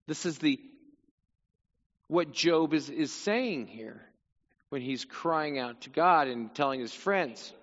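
High bright-voiced male preacher. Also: animated, slow, pauses often, in a large hall, lo-fi sound. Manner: conversational preaching with dramatic scripture reading. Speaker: pastor. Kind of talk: sermon.

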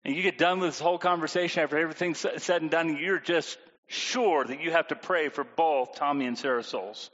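A man's voice: fairly high pitch, a little fast, fairly bright tone, big-room sound, highs cut off. A man preaching a sermon in a conversational way, often asking the congregation questions. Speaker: pastor.

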